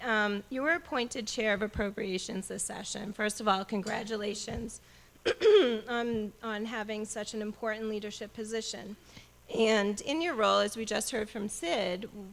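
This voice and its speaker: A woman moderating a panel discussion, friendly and quick to laugh as she puts questions to the panelists. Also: mid-range voice, gravelly, low-quality recording.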